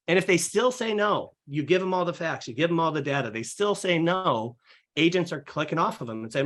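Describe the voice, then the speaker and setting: A man's voice: a little high, expressive, fairly quick, fairly bright tone. A young man, a real estate agent guest on a podcast, explaining eagerly in casual talk with lots of fillers and acted-out client quotes. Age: young adult.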